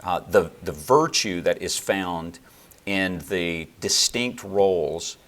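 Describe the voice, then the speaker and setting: A man with a very low voice explains church history and doctrine in a measured, lecturing way. He pauses with fillers and restarts as he thinks, building long explanations. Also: fairly bright tone. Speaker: theologian guest. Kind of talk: explanatory interview answers.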